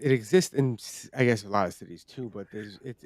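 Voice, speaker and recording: A man's voice: fairly low pitch, fairly even intonation, fast, few pauses, a little mellow. A man hosting a comedy podcast, talking casually in a rambling, profane way. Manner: rambling, profane, laughing loosely. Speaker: podcast host.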